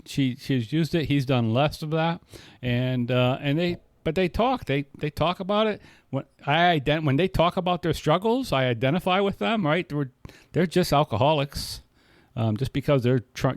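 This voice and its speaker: A man's voice: on the high side, moderate pace, no echo. A man co-hosting a podcast about sobriety, talking casually in long, rambling stretches full of restarts and retold conversations. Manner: rambling, many restarts, quoting others in dialogue. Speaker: podcast co-host. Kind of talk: casual recovery podcast chat.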